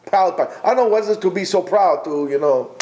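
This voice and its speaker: A man's voice: high voice, animated, brisk, a little mellow. A man giving an informal Torah class, emphatic and rhetorical, who repeats his points and often restarts his sentences. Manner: talks directly to absent listeners. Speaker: Torah teacher.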